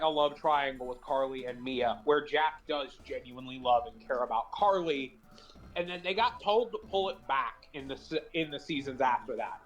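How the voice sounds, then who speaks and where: A man co-hosting a let's play, chatting casually in an animated, joking way. His pitch swings widely as he talks, with faint game music behind him. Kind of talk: casual gaming chat.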